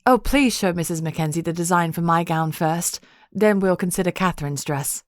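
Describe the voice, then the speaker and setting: Refined proper countess lady, formal talk, kinda low pitched, narrator doing her. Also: moderate pace, no echo, clean studio sound, close to an everyday voice. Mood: hospitable. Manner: genteel, refined, formal phrasing. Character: Victoria, gracious proper countess, adult woman.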